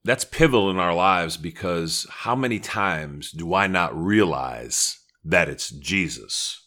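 Man, pastor, sermon, deep voice, bright tone, conversational teaching. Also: animated, takes it slowly. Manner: conversational teaching with prayerful asides.

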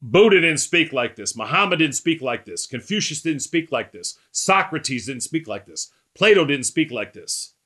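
A man preaching a sermon, emphatic and repetitive, slowing and rising on quoted scripture. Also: a little high, sing-song, fairly bright tone. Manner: repetitive, rhetorical lists.

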